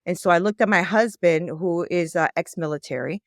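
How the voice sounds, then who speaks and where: A woman life coach as a podcast guest, telling stories in a lively way and acting out the dialogue. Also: lowish voice, a little fast, dry recording, studio quality. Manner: animated storytelling, acts out quoted dialogue. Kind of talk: conversational interview.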